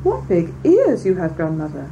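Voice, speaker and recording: A woman voicing an innocent, trusting little village girl in a storybook reading, in a high childlike voice. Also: huge pitch swings, moderate pace, dark tone, dull audio. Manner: high, wide-eyed childlike voice. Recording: distant mic, faint background noise.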